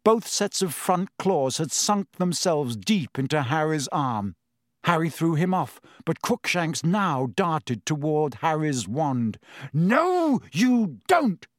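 A man's voice: a little high, expressive, dry recording. Guy reading a fantasy audiobook, takes his time, dramatic, dead dry close sound. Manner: measured, dramatic storytelling. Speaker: audiobook narrator. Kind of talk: scripted audiobook narration.

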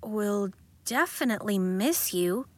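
A woman's voice: mid-range voice, animated, unhurried, darkish tone, no echo, natural voice. A woman voicing an earnest young schoolboy in a storybook reading.

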